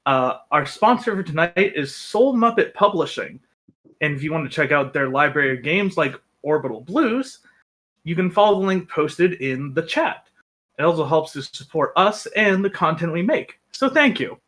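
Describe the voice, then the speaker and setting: A man's voice: a little high, animated, normal speed, a bit bright. A man hosting a tabletop game stream, reading sponsor announcements and introducing players in an upbeat, scripted way. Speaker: host and game master.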